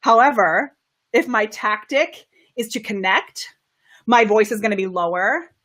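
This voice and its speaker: A woman's voice: a little slow, fairly bright tone. A bubbly, enthusiastic woman coaching a live stream audience, often laughing and shifting her voice up and down to demonstrate delivery. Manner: bubbly, enthusiastic, laughs often, reads viewer comments aloud; varies pitch and volume to demonstrate delivery tactics. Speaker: on-camera presentation coach. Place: home studio, live video stream.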